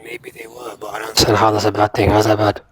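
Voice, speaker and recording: A man calling into a live debate who mumbles quietly and hesitantly. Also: on the low side, little pitch movement, fast, rough recording. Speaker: caller.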